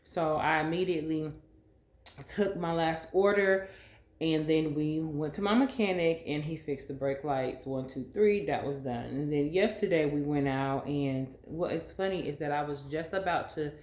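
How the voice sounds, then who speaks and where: A woman vlogger telling a dramatic story in a casual, animated way, full of fillers. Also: low-pitched, reverberant.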